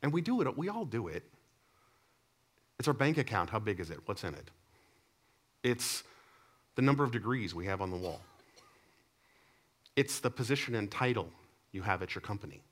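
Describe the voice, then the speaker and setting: A man preaching a sermon to his congregation. He tells stories animatedly, swinging between loud emphatic lines and low, quiet asides. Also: big pitch swings, moderate pace, long pauses. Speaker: pastor. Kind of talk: sermon with storytelling.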